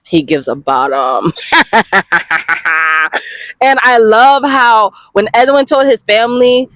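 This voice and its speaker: A woman giving a casual, expressive reaction review of comics, swearing freely and talking straight to her viewers. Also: a little high, takes it slowly, no room sound. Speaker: webcomic reviewer.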